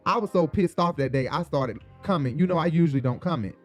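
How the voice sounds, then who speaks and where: A man's voice: a little high, fast talker, faint music behind. A man co-hosting a reality show recap podcast, blunt and outspoken and swearing freely. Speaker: podcast co-host. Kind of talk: casual reality TV recap chat.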